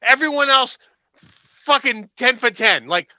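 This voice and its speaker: Podcast co-host, man, very bright high voice, stammering in frustration, dry close sound. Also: lively intonation, measured pace, dry recording, rough recording. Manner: exasperated, stammering rant. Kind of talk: casual movie discussion. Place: room at home, late evening.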